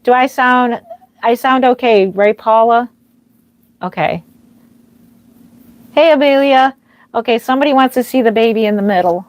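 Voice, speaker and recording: On a dry recording, a woman with a voice on the high side speaks at normal speed but pauses often. She's a reborn doll artist livestreaming from a home nursery with a mic on, chatting with and thanking viewers by name amid many fillers and a slightly dry throat.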